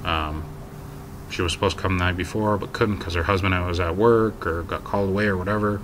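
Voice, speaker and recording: Low-voiced rambling man telling a story. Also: fairly even intonation, brisk, a little hiss or hum. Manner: rambling, exasperated, lots of ums and so anyways; gets loud and high when quoting his own yelling. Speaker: vlogger. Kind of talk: casual storytelling to camera.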